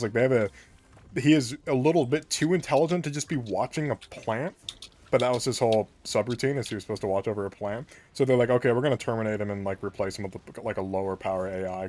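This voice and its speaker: A man's voice: medium pitch, darkish tone. An American man streaming a game with friends, brash and jokey, swearing freely in casual chat. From United States.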